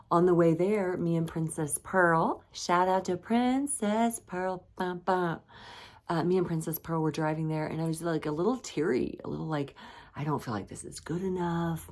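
Low-voiced playful woman podcast host. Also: moderate pace. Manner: playful, self-teasing, bursts of high animated emphasis. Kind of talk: casual solo podcast chat.

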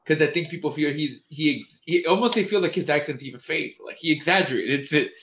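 A man with a slightly higher voice co-hosting a relaxed sports podcast. He talks in a loose, animated way, swearing often and restarting his sentences as he goes. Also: quick pace, slight background noise. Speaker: podcast co-host. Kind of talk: casual sports chat.

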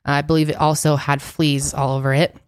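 A woman's voice: deep voice, level tone, a little fast. A young woman co-hosting a podcast, chatty and recounting a story in casual conversation. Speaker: podcast co-host. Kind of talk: casual chat.

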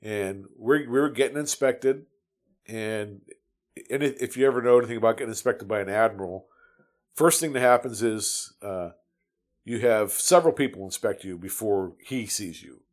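A man's voice: lowish voice, moderate pace. A man in his fifties from the United States, telling his Navy stories in a casual, rambling way with many restarts and fillers. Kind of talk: casual storytelling.

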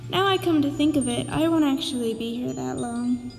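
A high, plucky little orphan girl from a storybook, played by a woman reader, earnest and matter-of-fact. The voice is soft-toned and rings with a long reverb, with gentle music under it. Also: moderate pace, gravelly. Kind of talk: storybook reading.

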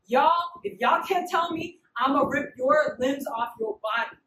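Woman doing a paranoid angry king, slangy, high, in a roomy far-off hall. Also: animated, measured pace, sharp tone, heavily acted. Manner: blunt slangy threats. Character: anxious distrustful ancient king, furious. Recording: roomy, distant, noisy hall.

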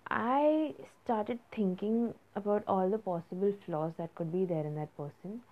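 A woman's voice: mid-range voice, a little slow. A young woman hosting a casual solo podcast, rambling and hesitant, with many fillers and restarts. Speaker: podcast host. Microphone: phone app recording. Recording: phone-like lo-fi audio.

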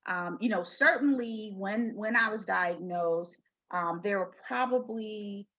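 Husky middle-aged woman telling her story. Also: medium pitch, measured pace, fairly bright tone, highs cut off. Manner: earnest, storytelling, acts out quoted voices. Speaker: guest. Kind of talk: personal testimony interview.

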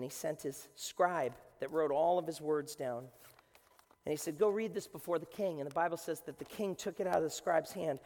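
Man, sermon, impassioned preaching, high voice, reverberant hall. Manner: impassioned, builds to shouting.

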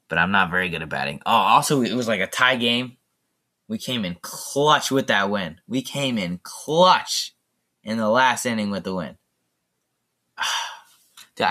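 A teenage boy with a lowish, bright-edged voice hosts his solo podcast. He rambles and jokes his way through chatty asides. It sounds like a casual talk recorded at home. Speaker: podcast host.

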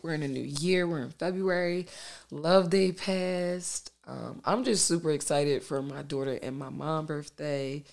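A woman in her thirties hosting a solo podcast from her dining room table at home, talking loudly and candidly with lots of filler and swearing. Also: sits low, unhurried, creaky. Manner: loud and boisterous, candid, profane, filler-heavy. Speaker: podcast host. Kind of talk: casual solo podcast monologue.

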